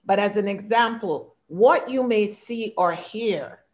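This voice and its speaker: A woman's voice: mid-range voice, expressive, slow. A woman in her sixties with an accent, talking through a workshop presentation on a video call in short, listed phrases. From immigrant. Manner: warm, talkative, speaks in short lists; audible non-native English accent. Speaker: diversity consultant and workshop speaker.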